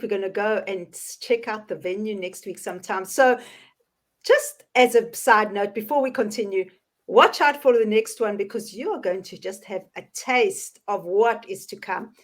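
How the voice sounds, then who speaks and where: Cheerful female host, upbeat and giggly, mid pitch, video call sound. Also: moderate pace. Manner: bubbly, laughs often. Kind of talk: casual chat.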